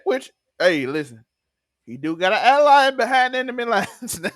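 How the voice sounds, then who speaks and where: A man chats through a TV recap in a loose, laughing way, often acting out quotes. His voice sits fairly high and the recording is dry and close. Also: very animated, moderate pace, fairly bright tone, no echo. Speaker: podcast co-host. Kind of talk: casual TV recap chat.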